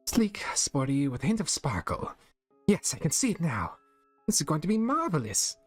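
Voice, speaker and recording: A man's voice: on the high side, sing-song, moderate pace, no echo, soft background music, voice pushed up. A man voicing a refined female fashion-designer pony, affected and fond of saying darling. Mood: prim. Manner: uppity, affected, calls everyone darling.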